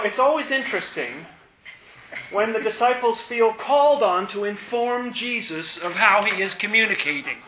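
A man teaching a Bible study, playful and animated, acting out the lines he quotes. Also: sits high, slight background noise. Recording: roomy, dull lo-fi.

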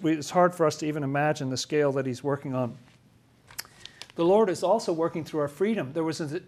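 A man with a somewhat high-set voice teaching scripture in a loose, conversational way. He talks to listeners as if chatting, and slips into little acted voices to quote people. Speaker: religious teacher.

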